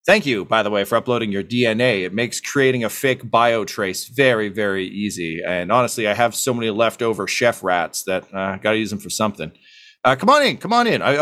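A man's voice: on the low side, fairly bright tone, lightly acted. A man voicing a smarmy, scheming male mad scientist who talks in chummy, wheedling patter.

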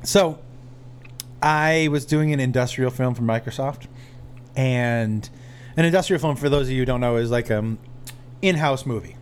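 A man's voice: mid-range voice, moderate pace, pauses often, slight background noise. A man co-hosting a podcast, telling an anecdote with a dry, teasing delivery in a casual chat.

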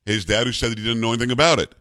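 A man's voice: medium pitch, racing, sharp tone, no echo. A man hosting a political talk radio show, speaking indignantly and sarcastically into a studio mic.

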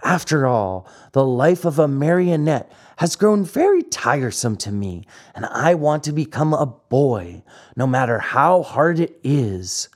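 A man voicing a lively, naughty boy puppet in an audiobook, with a high, eager, pleading manner. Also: unhurried. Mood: earnest. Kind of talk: audiobook character reading.

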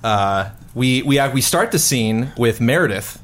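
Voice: medium pitch, expressive, unhurried. A game master narrating a tabletop game scene, hesitant, with many fillers.

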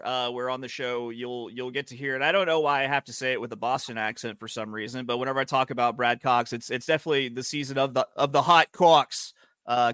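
Male host, bright tone, dry close mic, casual and rambling. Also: medium pitch, no echo. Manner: easygoing, many fillers and restarts. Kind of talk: casual handicapping podcast chat.

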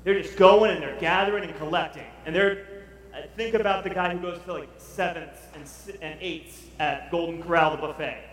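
Male preacher, higher voice, animated storyteller, caught from a distance in a big reverberant hall. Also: moderate pace, a little hiss or hum. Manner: animated, acts out Bible figures. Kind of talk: sermon. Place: large church hall. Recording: echoey hall recorded from far off.

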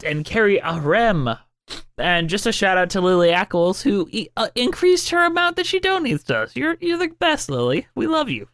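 A man hosting a podcast in a playful, animated way, moving between casual chat and read-out intros. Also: a little high, no echo, clean studio sound. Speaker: podcast host.

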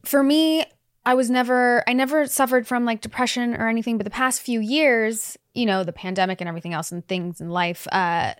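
A woman's voice: on the high side, fairly quick, clean tone, dry recording, studio quality. A woman in her forties chatting candidly as a podcast guest, laughing often and swearing casually. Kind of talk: casual chat.

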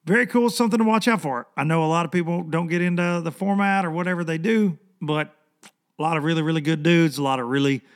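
Hoarse man, rambling podcast talk. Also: on the high side, fast. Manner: rambling, emphatic, repeats words. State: hoarse, losing his voice. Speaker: fishing podcast host. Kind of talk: casual chat.

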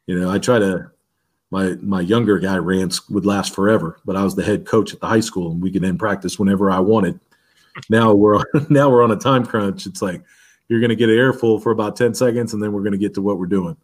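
A man with a fairly low voice tells coaching stories in an interview. He is lively and acts out the lines he shouts on the practice field, with his pitch jumping up for them. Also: fairly quick. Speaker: defensive line coach. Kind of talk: interview storytelling.

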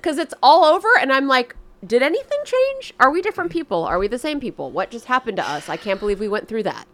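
A middle-aged woman co-hosting a chatty podcast, her nasal voice swinging widely in pitch. She tells stories with energy and jumps up high for the people she quotes. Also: very animated, quick pace, a bit bright. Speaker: podcast co-host. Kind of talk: casual chat.

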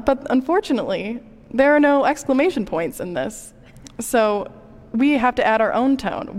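A woman giving a conversational sermon, preaching in a relatable way with personal stories. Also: mid-range voice. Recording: reverberant hall.

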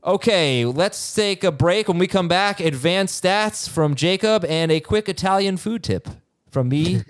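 A man co-hosting a casual fantasy football podcast, brisk and teasing, with frequent "uh" fillers. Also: high-pitched, expressive, dry recording, clean studio sound. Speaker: podcast co-host.

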